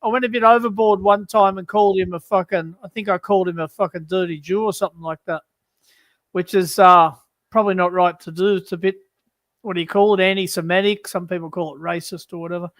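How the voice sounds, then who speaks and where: A man's voice: high-pitched, fairly even intonation, fast talker, fairly bright tone, no echo. A man on a livestream panel telling blunt, profane stories in casual chat. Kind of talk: crude casual stream chat.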